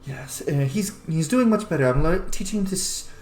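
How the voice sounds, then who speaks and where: A man voicing a gentle, elegant female fox who tutors with soothing patience. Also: sits high, animated, fairly quick, a little hiss or hum, voice pushed up. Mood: gracious. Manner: soothing, coaxing, calls people darling. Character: elegant white-furred vixen woman, gentle tutor. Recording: roomy echo.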